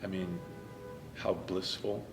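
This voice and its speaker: A man, a stage actor, talking in an interview in an earnest, emotional way and dropping to a soft whisper at times. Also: deep voice, little pitch movement, slow pace, echoey room, music in the background. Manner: earnest and emotional, some lines softly whispered. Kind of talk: reflective interview talk.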